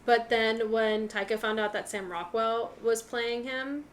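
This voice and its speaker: Bright-pitched woman podcast co-host, trivia-loving, casual and chatty. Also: fairly even intonation, unhurried, slight background noise. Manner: chatty, shares trivia, quotes others in little voices. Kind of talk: casual movie podcast chat.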